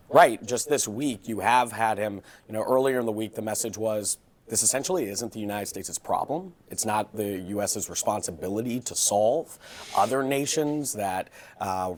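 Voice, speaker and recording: Low-voiced male news reporter explaining. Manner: measured, explanatory, frequent "right?". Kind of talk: broadcast news analysis.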